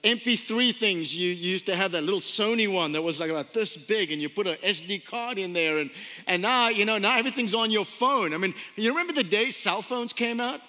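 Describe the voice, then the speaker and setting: A man in his thirties preaching a sermon as pastor, chatty and storytelling, repeating phrases and slowing down for emphasis. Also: high-pitched, sharp tone. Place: church sanctuary. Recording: long hall reverb.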